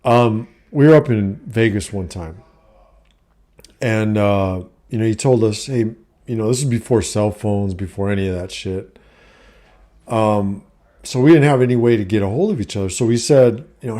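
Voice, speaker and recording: Man, middle-aged, low voice, warm mellow tone, casual storytelling vlog, blunt, profane. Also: moderate pace. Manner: blunt, profane, frequent fillers. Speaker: vlogger giving life advice.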